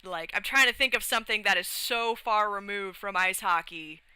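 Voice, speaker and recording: A young adult streamer talks in a loose, rambling way, full of restarts, cursing and laughter. The voice is very bright and crisp. It is recorded close and dry, with no room sound. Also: mid-range voice, moderate pace, dry recording, poor audio. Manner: rambling, with frequent restarts and swearing; laughs often while talking. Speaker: livestreamer. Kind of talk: casual livestream chat.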